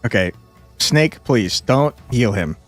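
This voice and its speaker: Animated male streamer, exasperated. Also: medium pitch, takes it slowly, soft background music. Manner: exasperated, swearing, laughing often. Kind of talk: casual gameplay commentary.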